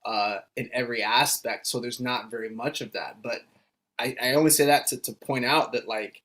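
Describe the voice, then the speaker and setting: A man co-hosting a podcast in casual chat, halting and hesitant, often pausing with "um" and restarting sentences. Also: medium pitch, steady tone, fairly bright tone. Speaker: podcast co-host.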